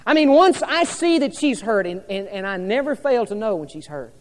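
A male pastor preaching a sermon to a congregation, rising loud and dropping soft by turns. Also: high-pitched, lively intonation, moderate pace, long reverb tail. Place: church hall with an audience.

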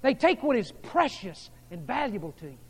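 Man preaching a sermon, pretty high voice, goes quiet then punchy, echoey hall. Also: sing-song, moderate pace, breathy edge. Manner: shifts between hushed intimate tones and emphatic rising delivery. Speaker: pastor.

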